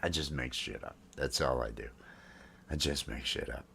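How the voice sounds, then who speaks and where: A man's voice: rumbling low, normal speed, gravelly, pushed and bright, a little hiss or hum. A man in his fifties hosting a casual live stream, rambling with lots of fillers and restarts. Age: 50s. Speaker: livestream host. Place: home, drinking coffee while streaming.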